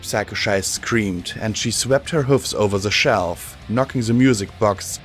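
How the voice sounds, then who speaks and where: This audiobook reader is a low-voiced man working through a piece of fan fiction. His delivery stays measured and steady while quiet music runs in the background.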